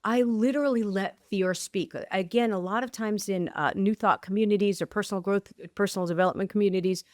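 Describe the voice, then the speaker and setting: A woman's voice: mid-range voice, steady tone, a little fast, a little mellow, no echo, studio quality. A woman author and coach, a podcast guest, talking emphatically and restarting sentences eagerly. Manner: emphatic, affirms often with repeated yeses. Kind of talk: interview conversation.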